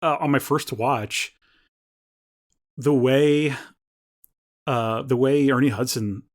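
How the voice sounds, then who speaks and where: A man's voice: medium pitch, takes it slowly. A man co-hosting a podcast, rambling in casual chat with many restarts. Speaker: podcast co-host.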